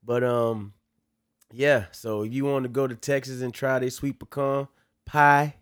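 A man's voice: mid-range voice, level tone, measured pace, clear, resonant tone, no room sound, clean studio sound. A man with a Louisiana accent hosting a casual podcast, joking and slangy. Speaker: podcast host.

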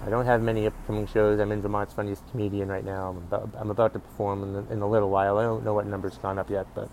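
Male comedian host, solo podcast rant recorded outdoors, foul-mouthed and grumbling, mellow low-bright voice, faint background noise. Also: little pitch movement, very fast, rough recording. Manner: profane, grumbling, ranting. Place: outdoors in public.

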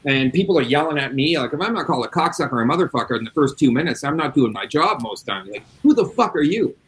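A middle-aged man speaks in a casual interview as an addiction interventionist. His voice sits in an ordinary middle pitch, and he talks bluntly and emphatically, swearing freely as he makes his points. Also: expressive, fast, fairly bright tone, poor audio.

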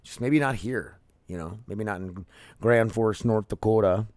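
A man's voice: lowish voice, unhurried, a little mellow, dry recording. A man in his thirties hosting his own podcast, talking casually and candidly, rambling with many fillers and restarts. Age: 30s. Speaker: podcast host. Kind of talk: casual solo podcast monologue.

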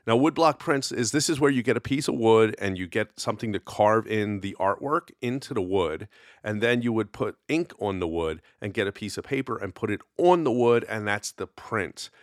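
A man's voice: fairly low pitch, animated, moderate pace, no room sound, studio quality. A man hosting a casual solo podcast, telling folklore in a rambling, conversational way with lots of fillers. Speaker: podcast host.

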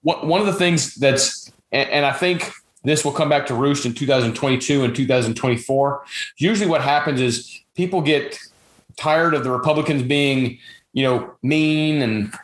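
A man's voice: mid-range voice, normal speed, roomy sound. A man hosting a political talk show, blunt and opinionated, with frequent fillers. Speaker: podcast host. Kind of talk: political chat.

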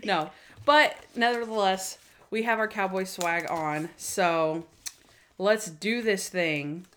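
A woman's voice: medium pitch, takes it slowly, background noise. A woman co-hosting a podcast, recapping a TV episode in bubbly, chatty fashion and acting out scenes with big voices. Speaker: podcast co-host. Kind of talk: casual episode recap chat.

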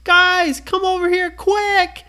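A parent telling a bedtime story, putting on a high voice for a hungry, easygoing young boy who strains and calls out. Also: very animated, moderate pace, fairly bright tone. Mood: panicked.

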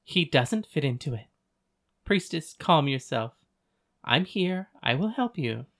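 A calm, ancient goddess speaks with soothing, measured patience, as a voice actor reads her. The voice sits in a medium pitch, as in a storybook audiobook. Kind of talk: audiobook dialogue reading.

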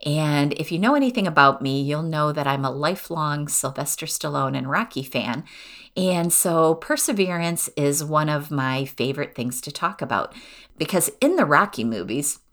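Solo podcast host, woman, deep register, chatty and earnest life-coach delivery. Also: a bit bright. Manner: chatty, earnest, self-deprecating.

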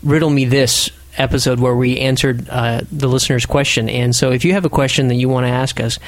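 A man hosting a casual podcast, chatty and self-deprecating, rambling through listener shout-outs. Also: medium pitch, fairly even intonation, brisk, dry recording. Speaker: podcast host.

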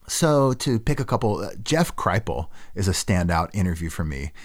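A man's voice: low voice, a little mellow. A man hosting a podcast, talking casually and self-deprecatingly about his own work. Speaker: podcast host. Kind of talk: casual reflective monologue.

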